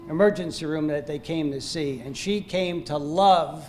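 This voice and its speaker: A man in his sixties, an Army veteran, giving halting, self-deprecating remarks at a gala. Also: a little high, darkish tone, faint music behind. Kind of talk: informal remarks to an audience. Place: banquet hall at an evening gala.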